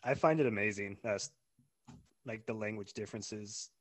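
A man's voice: lowish voice, moderate pace. A man co-hosting a podcast in casual chat, playful and teasing. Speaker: podcast co-host.

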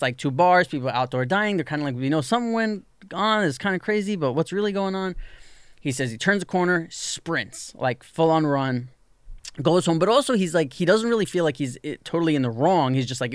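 A man's voice: on the high side, dry recording, clean studio sound. A man telling a long story in casual podcast chat, full of "like" and acting out what people said. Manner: animated storyteller, lots of "like", acts out quoted people.

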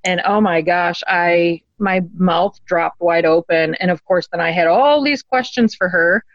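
A woman's voice: on the low side, measured pace, no echo. Earnest woman telling a story. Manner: earnest, animated storyteller who acts out quotes. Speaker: interview guest. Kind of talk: personal storytelling. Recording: dull, dry lo-fi recording.

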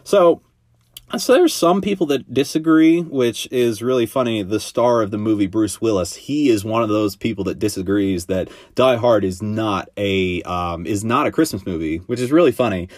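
Low-voiced man rambling through a podcast. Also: moderate pace, a little mellow, dry recording, studio quality. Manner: rambling, filler-heavy, swears casually. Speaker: podcast host. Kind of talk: casual solo podcast monologue.

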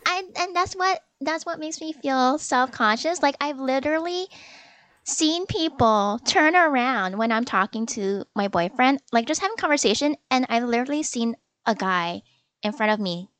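Young woman, high-pitched girlish voice, quick giggly chatter, close dry mic. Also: animated, a bit bright, dry recording. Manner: quick, giggly, self-conscious chat. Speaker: podcast co-host. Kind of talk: casual chat.

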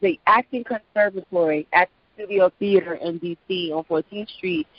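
Low-voiced woman telling her story. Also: moderate pace, no room sound. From Prince George's County, Maryland, US. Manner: lively storyteller, acts out quoted voices. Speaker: actress and voice-over artist, guest. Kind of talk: casual interview talk. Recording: dull lo-fi audio.

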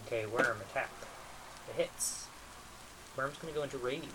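A man's voice: medium pitch, normal speed, very noisy. A man running a tabletop game as game master, chatty and full of jokes and puns. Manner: joking, chatty, breezy.

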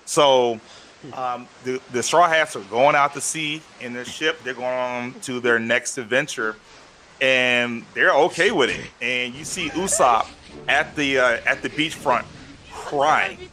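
Speaking a little slowly at medium pitch, with slight background noise, a man co-hosts a podcast. He retells stories animatedly, full of fillers, in casual conversation while choked up and near tears.

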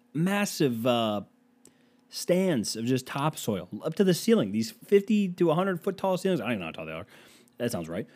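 A man's voice: on the high side, dark tone. A man telling an exasperated, profane, incredulous storytime rant to his viewers.

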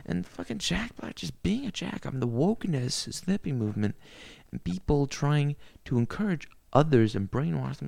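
A man's voice: fairly high pitch, big pitch swings, normal speed, vocal fry, hardly any pauses, a little mellow, dry recording. A man ranting alone on a podcast, crude and rambling, swearing heavily. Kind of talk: profane solo rant. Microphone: laptop mic.

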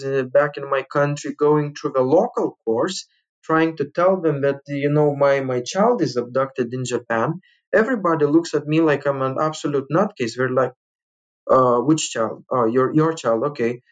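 Man from lithuania, story, animated, slightly high voice, dull lo-fi sound. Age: adult father. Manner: animated, acts out quoted voices, frequent restarts. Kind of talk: personal story told to listeners.

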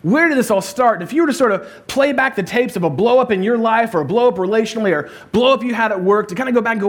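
Guy preaching, kinda high voice, chatty and funny, tells stories to make his point. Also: fast, few pauses. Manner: humorous storytelling, conversational. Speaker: pastor. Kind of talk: sermon.

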